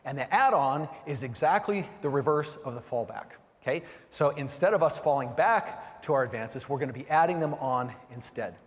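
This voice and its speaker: A middle-aged man giving an energetic keynote on sales, often checking in with the audience by asking "right?" and "okay?". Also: mid-range voice, normal speed. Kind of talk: motivational keynote presentation. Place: large conference hall. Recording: long hall reverb.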